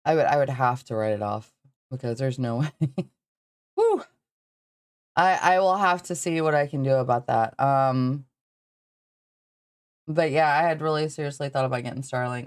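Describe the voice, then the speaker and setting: A woman's voice: a bass voice, moderate pace, long pauses, clear, resonant tone, no room sound, clean studio sound. A woman with a Southern accent hosting a podcast livestream, rambling casually, swearing freely and laughing often. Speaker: podcast host.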